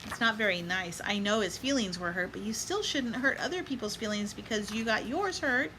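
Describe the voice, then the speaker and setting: A woman reading a children's picture book aloud, stopping to give gentle life lessons to children and moms and inviting listeners to chant along. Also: medium pitch, animated, brisk, a little hiss or hum, rough recording. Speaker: storybook reader.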